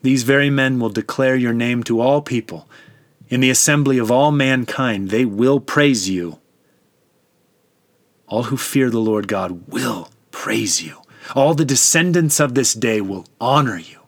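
A man narrating as God the Father in a solemn, measured and tender dramatic scripture reading. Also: mid-range voice, no echo.

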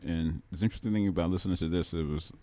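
A man speaking as a guest on a radio music show, relaxed, with frequent fillers. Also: low voice, very fast. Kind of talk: casual radio conversation. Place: radio studio.

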